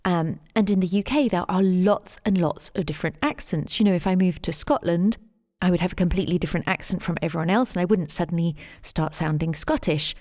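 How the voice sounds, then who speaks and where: A middle-aged woman with a London English accent, answering interview questions as the guest, measured and thoughtful, with plenty of "um" and "you know". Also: lowish voice, a little mellow. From England. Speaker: guest, English teacher and tour guide.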